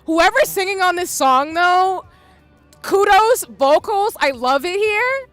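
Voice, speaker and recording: A woman's voice: very high-pitched, animated, slow, fairly bright tone, no echo, soft background music. A woman in her thirties streaming a game live, tearful, emotional and goofy as she talks through it. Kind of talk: live gameplay commentary.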